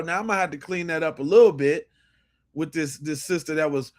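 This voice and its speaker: Brisk and a little high in pitch, a male podcast host responds to clips with emphatic remarks. He's animated throughout and doesn't hold back on swearing.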